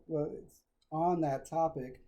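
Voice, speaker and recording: A man speaking as a guest in a relaxed interview. His voice sits a little high but sounds warm and mellow. He talks openly, restarting his sentences as he goes. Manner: open, halting, with frequent restarts and laughter. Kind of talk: casual conversational interview.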